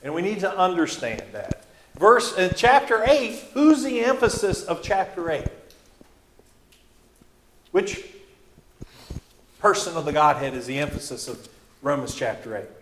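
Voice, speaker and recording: A man teaching a Bible class in a church classroom, halting with many fillers and restarts, often quizzing his class. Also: high voice, sing-song, fairly bright tone. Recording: echoey room with faint noise.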